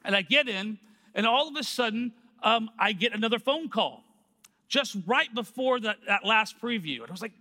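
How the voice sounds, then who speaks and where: Male preacher, high bright voice, lively storyteller who acts out quotes, reverberant hall. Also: moderate pace. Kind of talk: sermon storytelling.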